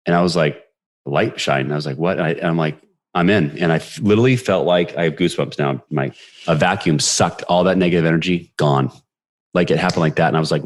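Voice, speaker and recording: Brief: very low-voiced man, forties, lively storyteller guest. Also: fairly quick. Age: 40s. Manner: energetic, animated retelling with quoted voices. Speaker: podcast guest. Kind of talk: storytelling interview.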